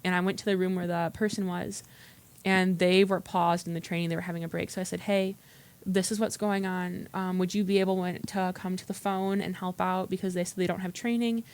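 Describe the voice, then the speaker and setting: A woman at a workshop earnestly tells a personal story in a meeting room, recounting dialogue in quotes. Her clean, darkish voice is lowish to mid-range with little pitch movement, and she speaks a little fast. The room is plain.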